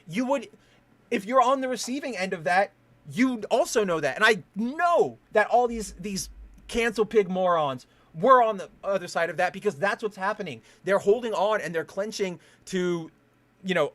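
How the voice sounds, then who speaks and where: A man's voice: high-pitched, expressive, moderate pace, a bit bright. A man hosting a podcast, ranting heatedly in a casual style, swearing and restarting his sentences. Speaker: podcast host.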